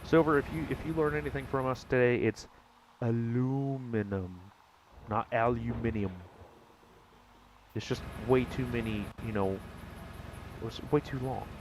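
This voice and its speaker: A man's voice: mid-range voice, steady tone, brisk, a little hiss or hum. An American man chatting casually and jokingly with viewers during a gaming live stream. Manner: rambling, jokey, talks to chat.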